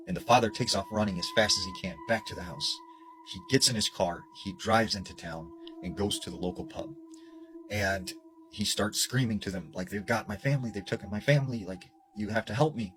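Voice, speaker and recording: A man with a lowish voice tells a creepy tale with lively rises and falls, raising his voice for quoted lines. Music plays clearly behind him. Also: low-quality recording. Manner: animated, shouts quoted lines. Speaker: storyteller. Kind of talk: telling a scary story.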